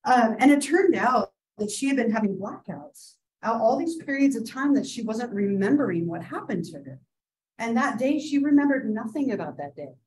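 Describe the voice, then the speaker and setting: A woman's voice: on the high side, animated, normal speed, darkish tone, a little hiss or hum, poor audio. A woman in her thirties, a psychology instructor telling a case story to a class, chatty, with many fillers and "right?" asides.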